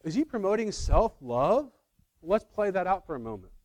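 Pastor, male, higher-pitched voice, conversational emphatic sermon delivery, dry close recording. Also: sing-song, normal speed, a little mellow, no room sound. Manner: conversational, self-correcting, emphatic.

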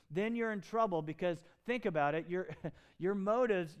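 A man preaching a sermon in an animated, emphatic way, with quick asides and restarts. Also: high-pitched, clean tone. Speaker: pastor.

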